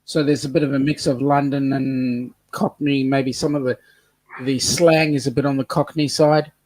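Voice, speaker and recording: A man's voice: mid-range voice, flat delivery, normal speed, a little mellow, no echo. A man with an Australian accent in casual chat, teasing the others with dry jokes. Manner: joking, teasing banter.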